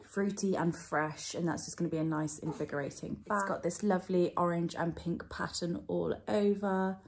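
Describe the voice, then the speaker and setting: Young woman vlogger, slightly low voice, gushing and chatty, casual product-review delivery. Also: steady tone, normal speed, a little mellow. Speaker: beauty vlogger.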